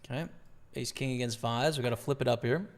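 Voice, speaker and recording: A man's voice, a little hoarse from losing it, talking through poker hands on a live stream. His delivery is casual and conversational as he reasons out loud about his plays and answers viewers. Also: medium pitch, fast. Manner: casual, thinks aloud about each hand and chats with viewers.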